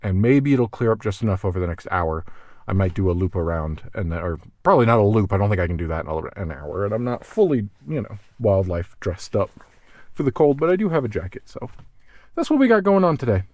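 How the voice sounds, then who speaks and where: A man who films wildlife talks casually to the camera for his vlog in a lowish, darkish, expressive voice, speaking fairly quickly on a dry recording. He thinks aloud, restarts sentences and drifts between topics in a rambling monologue. He starts in a car and then moves outdoors to a cold parking lot.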